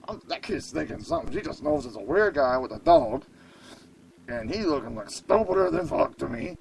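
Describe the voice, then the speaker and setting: Animated gravelly man telling wild stories. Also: a little high, normal speed, rough recording. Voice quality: gravelly, profane and excitable. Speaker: radio show host. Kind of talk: animated comic storytelling.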